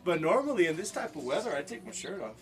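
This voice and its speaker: A man's voice: a little high, very animated, fast talker. A man from the United States chatting casually with viewers on a livestream while he works on craft pieces outdoors, joking and laughing often. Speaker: livestreamer making stone-look art.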